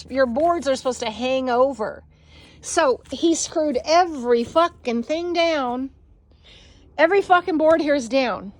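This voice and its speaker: A woman's voice: high voice, a little mellow. Woman, dog breeder, casual vlog, frustrated ranting, heavy swearing, outdoor deck.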